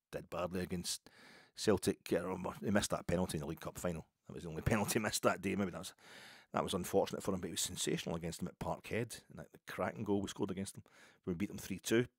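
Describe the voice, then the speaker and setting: A man's voice: deep voice, racing, husky, no room sound, clean studio sound. A man in his fifties with a Scottish accent, hosting a solo football podcast in a rambling, wry way that keeps correcting itself. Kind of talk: casual solo podcast chat.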